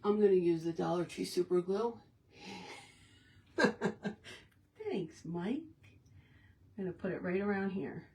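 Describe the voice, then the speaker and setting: A woman's voice: fairly low pitch, a little slow, pauses often, warm tone, distant mic, a little hiss or hum. A woman hosting a casual crafting tutorial, talking to herself and her viewers as she works with her hands. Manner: chatty, self-talking while working with her hands. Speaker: craft video host.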